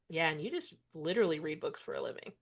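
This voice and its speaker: A woman's voice: low voice, vocal fry, husky. A young adult woman hosting a book podcast, chatting casually and acting out quoted dialogue. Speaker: podcast host. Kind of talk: casual chat.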